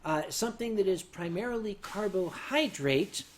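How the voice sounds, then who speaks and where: A man hosting a casual livestream and answering viewer questions with dry, deadpan humor, loose and tipsy as he sips sake. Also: high voice, moderate pace, slight background noise. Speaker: livestream host.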